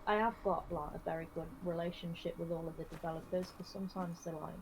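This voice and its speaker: A woman's voice: on the low side, quick pace, a little hiss or hum, low-quality recording. Rambling woman streamer. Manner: rambling, filler-heavy, deadpan. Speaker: live streamer. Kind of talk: comic in-character storytelling.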